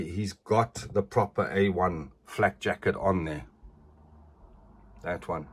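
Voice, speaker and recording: Slow-talking collector. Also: male voice, sits low, breathy edge. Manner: chatty, tags sentences with "eh". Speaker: collector reviewing figures. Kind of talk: casual review vlog.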